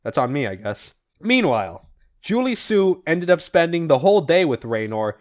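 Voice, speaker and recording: A man co-hosting a podcast, casually retelling comic book issues with animated voiced quotes and the odd swear. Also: on the high side, moderate pace. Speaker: podcast co-host recapping comics. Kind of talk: casual comic recap chat.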